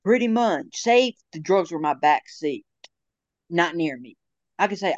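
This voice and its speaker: A young man co-hosting a casual chat, rambling with halting restarts and frequent laughs. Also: on the high side, lively intonation, no echo, dull audio.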